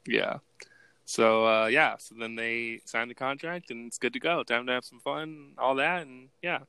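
A laid-back man co-hosting a podcast, rambling through a movie recap with lots of fillers and laughs. His voice has a gravelly, fry-tinged edge at a middle pitch, and it is recorded dry and close. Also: normal speed, sharp tone, dry recording. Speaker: podcast co-host. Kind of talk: casual chat recapping a movie.

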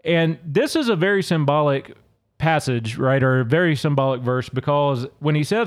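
A Louisiana man hosts a solo podcast, casually talking through song lyrics and reading them aloud between his explanations. His voice is on the high side, with lively intonation and a moderate pace.

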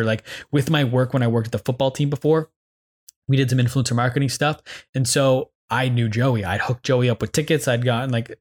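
Fast-talking man rambling through podcast memories. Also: medium pitch. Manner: rambling, filler-heavy, lots of "like". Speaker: podcast host. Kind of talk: solo reflective storytelling.

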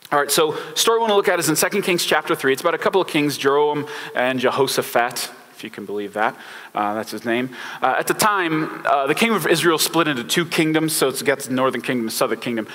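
A man preaches a laid-back sermon in an easy, chatty way with plenty of fillers and casual slang. His voice sits a bit high and sounds bright and forceful. He is heard in a church hall with a long, ringing reverb. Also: fast talker. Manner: relaxed, chatty, many fillers, informal slang. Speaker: pastor.

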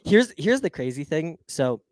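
A man's voice: a little high, sing-song, normal speed, dry recording, clean studio sound. A man co-hosting a casual podcast chat, playful and rambling, laughing often. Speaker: podcast co-host.

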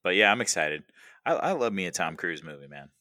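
Man, podcast co-host, very low voice, jokey banter, dry sound. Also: sing-song, fairly quick, sharp tone, dry recording. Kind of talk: casual movie chat.

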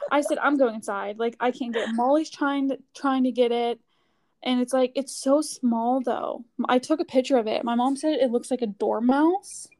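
A woman's voice: high-pitched, darkish tone. A woman chatting casually, telling a story with lots of "like" fillers. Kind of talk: casual chat.

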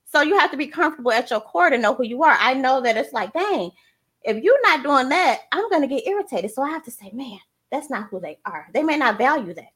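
A woman working as a transparency coach, talking in a casual, energetic and emphatic way, often repeating her phrases. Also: high voice, a little fast, breathy edge. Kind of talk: casual chat.

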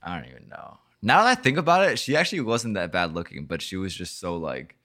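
Young male host, deep voice, rambling casual storyteller who swears a lot. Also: big pitch swings, quick pace, pushed and bright. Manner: rambling, heavy swearing, lots of fillers. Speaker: podcast host.

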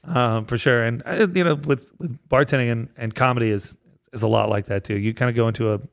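A man's voice: mid-range voice, brisk, gravelly, no room sound, studio quality. Rambling man telling a bar story. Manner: rambling, laughs through his story. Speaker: comedian and bartender guest. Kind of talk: casual storytelling chat.

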